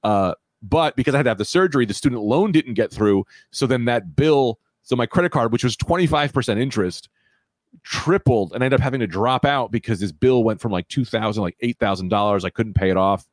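A man's voice: medium pitch, lively intonation, brisk, no room sound. A man in his thirties hosting a podcast, telling a long story in a rambling, self-correcting way. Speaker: podcast host. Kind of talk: casual storytelling chat.

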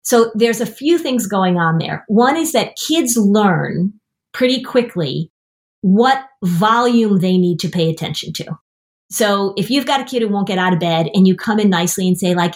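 A woman's voice: mid-range voice, lively intonation, moderate pace. A middle-aged woman therapist talking on a podcast, explaining things and acting out parent and kid quotes. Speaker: therapist and anxiety expert. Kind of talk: podcast talk.

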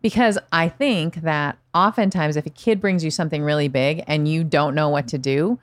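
A woman guest in a casual podcast chat, quick and joking. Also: deep voice, dry recording, studio quality.

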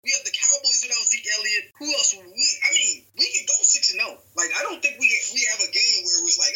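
A man co-hosting a casual sports talk show, ranting with heavy profanity and animated energy. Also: high-pitched, fast, few pauses, rough recording. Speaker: podcast co-host.

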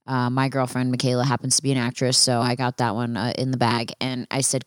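A woman's voice: a bass voice, little pitch movement, a little fast, few pauses, no echo, clean studio sound. A young woman hosting a solo podcast, telling a story in a frank, casual way with plenty of swearing and fillers. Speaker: podcast host.

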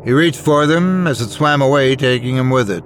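A man's voice: medium pitch, lively intonation, normal speed, a little hiss or hum. A man narrating a scripted horror story and doing all the character voices.

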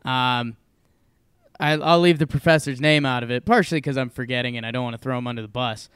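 A young man co-hosting a casual podcast, telling a story with lively energy and frequent laughs. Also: medium pitch, fairly quick, clean tone, no echo, clean studio sound. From Connecticut, USA. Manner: animated storyteller, laughs often. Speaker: podcast co-host. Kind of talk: casual chat.

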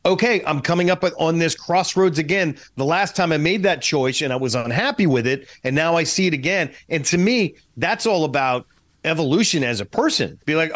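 A man co-hosting a podcast in casual chat, talkative and quick to laugh. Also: a little high, expressive, fairly bright tone. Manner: laughs often, eager and talkative.

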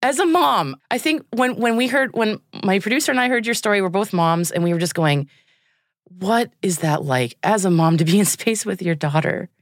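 A woman in her thirties hosts an interview conversation, effusive and openly moved by what she hears. Her medium-pitched voice is expressive at a normal speed, recorded dry in studio quality.

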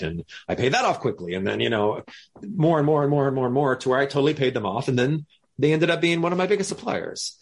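Animated husky man telling a story. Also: medium pitch, fast. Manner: animated, laughing, acts out quoted voices. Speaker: podcast guest. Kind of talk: lively storytelling.

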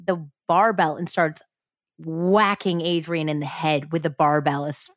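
A woman's voice: low-pitched, fairly even intonation, a little slow, dry recording, clean studio sound. A woman hosting a podcast, telling a true-crime story in a casual, chatty way, full of "like" and blunt swearing. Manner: chatty, frequent "like", blunt and profane. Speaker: podcast host.

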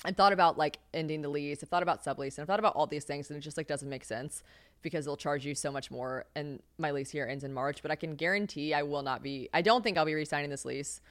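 In a home kitchen, a young woman hosts a casual solo podcast, rambling, swearing freely and laughing often. Her voice is low and fast, captured in a dry recording.

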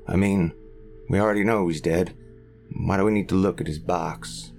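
A man's voice: deep voice, steady tone, normal speed, vocal fry, darkish tone, faint music behind. A man voicing a callous, scowling boy in a horror audio story, muttering with scorn. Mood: scornful. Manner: sneering, muttered.

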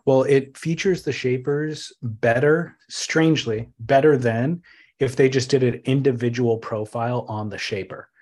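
A man co-hosting a casual chat show, telling stories in an animated way with his pitch jumping up often. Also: a little slow.

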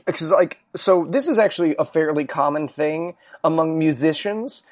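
High-voiced man riffing jokes. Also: expressive, moderate pace. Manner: riffing, slips into silly voices. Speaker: podcast host. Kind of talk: casual comedic chat.

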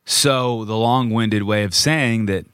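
A man's voice: lowish voice, slow pace, clear, resonant tone, no echo. Dry-miked man telling a wild story. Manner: animated storyteller, acts out quotes, swears freely. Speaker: podcast co-host. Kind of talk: casual storytelling chat.

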